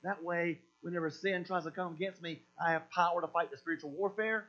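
A man's voice: on the high side, steady tone, a little fast, pushed and bright. A man preaching a sermon as pastor, emphatic and repetitive, often doubling back on his words. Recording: dull lo-fi sound with mains hum.

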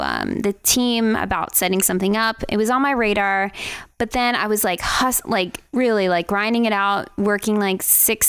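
A young woman chatting casually as a podcast guest, telling a story in an animated way, swearing and acting out other people's voices. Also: mid-range voice, smooth, no echo.

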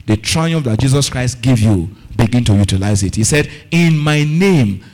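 A man preaches a fervent sermon in an animated, mid-range, slightly mellow voice, talking a little fast. He keeps asking the congregation whether they're following and repeats key words for emphasis in call-and-response style.

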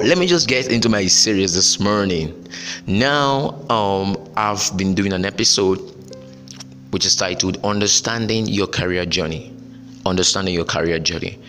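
A man with a fairly low, fairly bright voice hosts a solo podcast, the audio carrying a long reverb tail. He gives motivational career advice in an emphatic, repetitive, preacher-like style.

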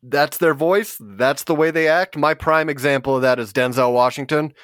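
A man's voice: on the high side, moderate pace, a bit bright, dry recording. Chatty man with a dry close mic. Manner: laughs often, rambling with fillers. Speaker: podcast co-host. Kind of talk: casual podcast chat.

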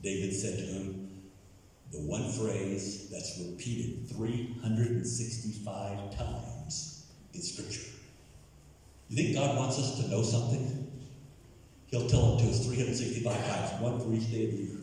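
A man's voice: lowish voice, fairly even intonation, a little slow, mellow, slight background noise. A man from the United States preaching a sermon, telling the story dramatically and acting out the characters. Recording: echoey hall from far off.

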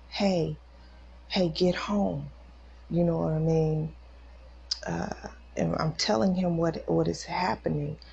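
A woman's voice: low-pitched, creaky, a little mellow, lo-fi sound, slight background noise. A woman podcast host telling a personal faith testimony in a casual, emotional way, acting out the voices of the people in her story. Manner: emotional, acts out quoted voices.

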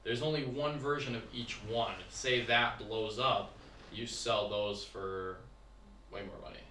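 A man's voice: on the low side, steady tone, a little slow, bright, forceful tone. A young man co-hosting a casual podcast chat in a laid-back manner, swearing casually. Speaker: podcast co-host. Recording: echoey room, far from mic, faint noise.

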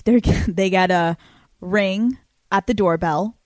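A young woman in her twenties hosting a podcast, telling stories quickly and casually with plenty of swearing. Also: mid-range voice, no echo. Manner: fast, profane, animated storytelling. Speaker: podcast host. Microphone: studio microphone.

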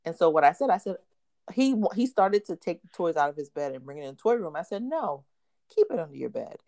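A woman's voice: on the low side, fast talker. A woman co-hosting a casual chat, telling stories with acted-out quotes and frequent laughter. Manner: animated storyteller, acts out quotes, laughs often. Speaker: podcast co-host.

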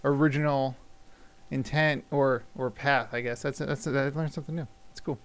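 A man's voice: mid-range voice, steady tone, normal speed, smooth. A man co-hosting a podcast, joking and riffing on the guest's story. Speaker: podcast co-host. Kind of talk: casual podcast chat.

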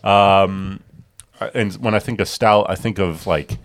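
Low-voiced joking man co-host. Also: slow pace, no echo, studio quality. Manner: joking, laughs often, rambling. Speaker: podcast co-host. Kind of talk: casual chat.

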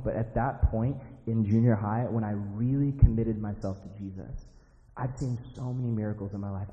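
A young man giving a sermon in a casual, emphatic, conversational way, full of "like" and vivid asides. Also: medium pitch. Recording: dull sound in a reverberant hall.

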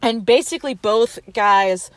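A woman casually retelling a movie plot in a chatty, animated way. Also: fairly high pitch, measured pace, no room sound. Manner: chatty, animated, quotes characters with voices. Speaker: movie recapper.

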